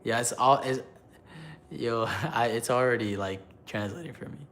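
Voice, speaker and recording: A man's voice: medium pitch, fairly bright tone, a little hiss or hum. A man casually chatting on a live stream, reading chat aloud, loose and joking, laughing often. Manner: halting when he switches languages.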